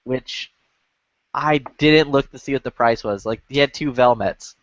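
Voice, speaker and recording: A man's voice: medium pitch, a little slow, no room sound, lo-fi sound. A man telling a long, rambling, profane story in casual online voice chat, full of filler words. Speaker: lobby chat regular.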